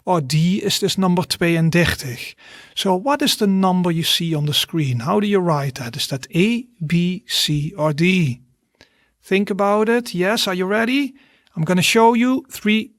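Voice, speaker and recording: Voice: mid-range voice, expressive, measured pace, dry recording, clean studio sound. A language teacher, giving an online lesson and patiently encouraging learners to repeat words after them.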